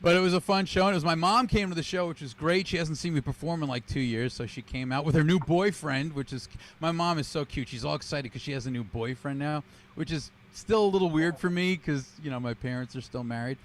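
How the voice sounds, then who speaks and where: A man's voice: on the high side, a little fast. A man doing a wisecracking, self-deprecating stand-up routine over a video call. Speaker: stand-up comedian. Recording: noisy video call audio.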